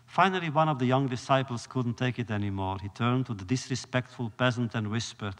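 Guy telling old stories at a lecture, slow and solemn, big hall echo. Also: mid-range voice, steady tone. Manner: measured, solemn, with dramatic pauses. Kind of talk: storytelling lecture. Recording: long reverb of a lecture hall.

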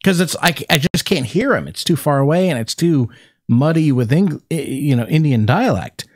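A man's voice: on the high side, lively intonation, moderate pace, dry recording, clean studio sound. A man casually chatting and teasing on a live craft stream. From North Carolina, USA. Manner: joking, teasing. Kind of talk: casual chat.

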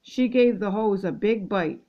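Older lady reading a kids' book, gentle and steady, middle pitch, muffled lo-fi sound. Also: measured pace. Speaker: storybook reader. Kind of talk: reading a picture book aloud.

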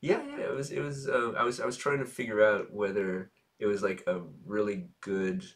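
A man's voice: lowish voice, fairly even intonation, moderate pace. A man co-hosting a podcast in casual chat, hesitant with many ums and frequent agreement. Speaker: podcast co-host.

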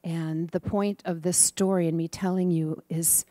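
A woman giving a sermon, telling gentle, affectionate stories about small children and turning animated when she retells their words. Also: on the low side, moderate pace, few pauses, dry recording. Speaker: speaker in a preaching class. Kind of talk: sermon storytelling. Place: church or center hall.

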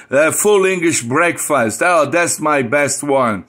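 An older man talks on a ham radio contact in slightly high-pitched, English. He is friendly and spells his call sign in the phonetic alphabet, often repeating himself as he speaks. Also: a little slow, hardly any pauses, a bit bright. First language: Portuguese. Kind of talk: on-air amateur radio contact.

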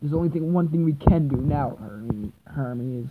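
A speaker performing every role in a homemade fan drama, swinging between loud excited outbursts and low mumbled asides. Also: slow pace, vocal fry. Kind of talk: amateur one-person fan drama, doing every role. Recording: tinny phone-like lo-fi with faint hiss.

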